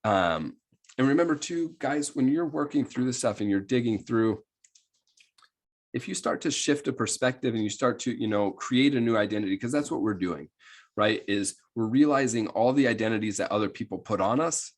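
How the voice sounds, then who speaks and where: A man's voice: medium pitch, expressive, moderate pace. A man coaching on self-sabotage in a casual, rambling talk full of fillers and "right?" checks, sometimes coarse and plain-spoken. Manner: rambling, many fillers and tag questions.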